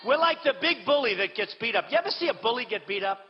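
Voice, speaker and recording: A man giving a campaign rally speech as a political candidate, repeating himself emphatically and swinging between shouts and low asides. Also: expressive, fast. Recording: echoey hall, dull sound.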